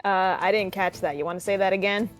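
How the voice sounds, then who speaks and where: A woman's voice: medium pitch, fairly even intonation, fast talker, soft background music. A woman playing a tabletop game, giggly and swearing casually as she talks. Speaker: player.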